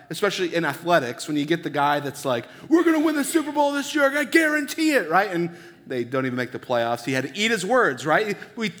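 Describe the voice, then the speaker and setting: A man preaching to his congregation in a fairly high voice. He talks to them casually and keeps asking rhetorical questions. A long hall reverb trails after each phrase. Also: fairly bright tone. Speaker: pastor. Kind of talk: sermon.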